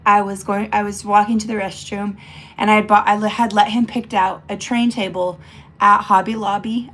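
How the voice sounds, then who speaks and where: A woman's voice: medium pitch, a little hiss or hum. Emotional young mother rambling through fillers. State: choked up. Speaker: mother vlogging. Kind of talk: casual vlog while doing makeup.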